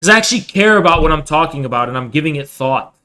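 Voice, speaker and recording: A man's voice: fairly high pitch, animated, quick pace, pushed and bright. A man streaming his reactions to a debate, talking bluntly and dismissively with some swearing. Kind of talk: casual reaction commentary.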